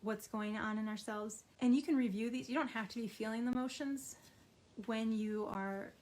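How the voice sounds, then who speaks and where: Gentle, encouraging woman art therapist. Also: fairly high pitch, steady tone, moderate pace. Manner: gentle, encouraging, talks directly to viewers while drawing. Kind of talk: instructional art therapy video.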